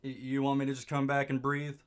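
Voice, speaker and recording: A young man giving goofy, rambling let's play commentary, breaking into excited high-pitched exclamations. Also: brisk, clear, resonant tone. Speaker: streamer.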